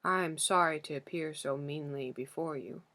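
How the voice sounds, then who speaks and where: A woman reading the part of an aged, grieving king, speaking slowly and humbly with a foreign accent. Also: sits low, pushed and bright. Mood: pleading. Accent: foreign-accented speech as the figure. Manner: slow, careful pleading speech. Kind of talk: audiobook character reading.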